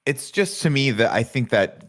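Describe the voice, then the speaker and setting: A man's voice: mid-range voice, lively intonation, moderate pace. A man co-hosting a casual movie-review podcast, adding sardonic, wry asides. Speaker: podcast co-host.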